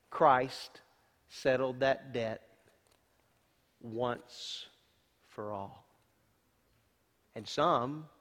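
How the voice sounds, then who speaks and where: Folksy preacher man, booming then hushed. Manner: folksy, emphatic, swings between loud and hushed. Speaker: senior pastor. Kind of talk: sermon with scripture reading. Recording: long hall reverb.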